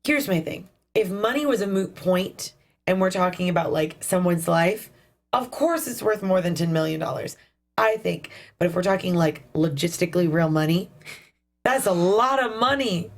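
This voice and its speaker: A woman co-hosting a casual TV recap chat, talking in an animated way and driving her points home by repeating them. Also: lowish voice, moderate pace. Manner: animated, emphatic repetition. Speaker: co-host.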